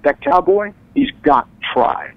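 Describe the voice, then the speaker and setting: A man tells stories as a radio guest, his voice leaping up and down as he acts out what others said. There's a gravelly grain to his voice. The sound is dry and tinny, as if heard over a phone line. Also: expressive, slow pace, dry recording. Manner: enthusiastic storyteller, acts out quotes with big pitch jumps. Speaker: author and guest. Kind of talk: animated radio interview storytelling.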